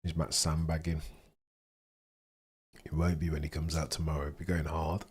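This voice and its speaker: A man's voice: extremely low pitch, little pitch movement, normal speed, darkish tone, slightly rough. A young man hosting a livestream, chatting casually and joking as he reads comments aloud. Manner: chatty, jokey, laughs often, mutters asides. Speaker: livestream host.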